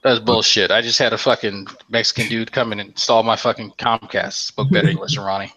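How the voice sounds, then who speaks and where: A man's voice: on the low side, fairly even intonation, brisk, sharp tone, rough recording. A young man hosting a casual online commentary chat, blunt and exasperated, swearing often.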